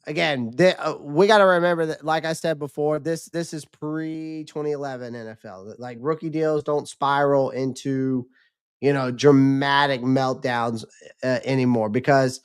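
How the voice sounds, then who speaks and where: Rambling male livestream host, smooth voice. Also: a little high, unhurried. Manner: loose, rambling, with many restarts and fillers. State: losing his voice. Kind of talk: casual livestream commentary.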